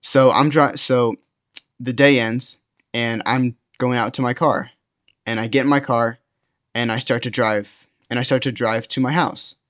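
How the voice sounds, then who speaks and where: A man's voice: mid-range voice, steady tone, unhurried, fairly bright tone. A young man casually narrating a personal story in first person, rambling and restarting his sentences often. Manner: rambling, many restarts and repeated words. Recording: dull lo-fi sound.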